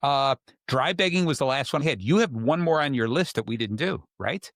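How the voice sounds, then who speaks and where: A man's voice: medium pitch, lively intonation, brisk, a bit bright, no echo, studio quality. Chatty male podcast host. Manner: explains with acted-out examples, many fillers. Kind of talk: casual chat.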